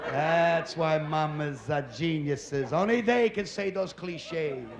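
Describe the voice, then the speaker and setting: A middle-aged man doing a stand-up routine, loud and exasperated as he tells stories. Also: on the high side, slow pace, heavy background noise. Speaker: stand-up comedian. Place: live comedy stage. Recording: echoey club with loud audience.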